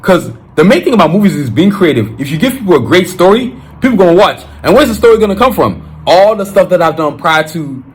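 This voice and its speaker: A man's voice: high voice, big pitch swings, fast, few pauses. Fired-up Nigerian-accented man hosting. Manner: emphatic and fired-up, with frequent restarts. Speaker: podcast host. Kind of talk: solo podcast monologue.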